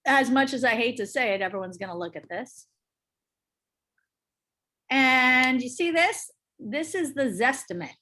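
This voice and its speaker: A woman teaching a class in a brisk, emphatic, chatty way, often asking the group questions. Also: high-pitched, sharp tone. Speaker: real estate instructor. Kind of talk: casual teaching talk to a class.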